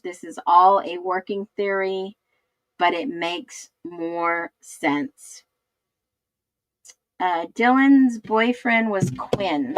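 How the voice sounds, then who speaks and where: A woman's voice: mid-range voice, fairly bright tone, no room sound, rough recording. A woman hosting a casual livestream, thinking aloud and looking things up as she reads viewers' comments. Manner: thinks aloud, searching while she talks. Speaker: livestream host.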